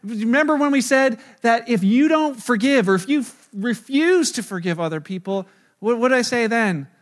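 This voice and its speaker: A kindly teacher asks patient, leading questions in a lifted, brighter voice, put on by a man mid-sermon. The tone stays gentle and unhurried, like a story told from the pulpit. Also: extremely high pitch, lively intonation, pitched above the performer's own voice.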